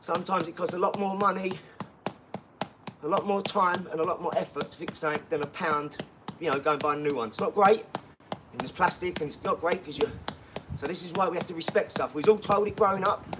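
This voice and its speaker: Chatty man with a slightly high voice. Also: fast, noisy background. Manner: talkative, boastful, enthusiastic, trails off into asides. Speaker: fitness streamer. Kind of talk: rambling live-stream chat. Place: home garage gym.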